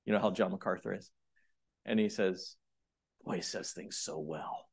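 A middle-aged man preaching a sermon, moving between loud, emphatic points and quiet, chatty asides to the congregation. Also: low voice, normal speed, creaky, husky. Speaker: pastor.

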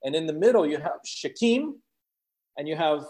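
A man preaching a sermon, chatty in his asides and booming as he quotes scripture. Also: expressive, moderate pace, a little mellow.

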